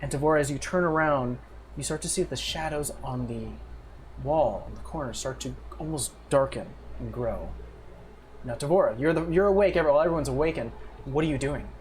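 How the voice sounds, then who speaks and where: A man's voice: fairly high pitch, fairly quick, darkish tone. Man narrating as game master. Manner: descriptive, with frequent fillers and restarts. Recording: faint background noise.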